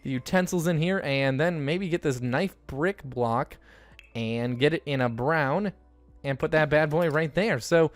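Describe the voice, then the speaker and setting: Excitable young man narrating a game. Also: unhurried, no room sound, faint music behind. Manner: chatty, excitable, jumps up in pitch when surprised. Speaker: gaming YouTuber. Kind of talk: casual let's-play commentary.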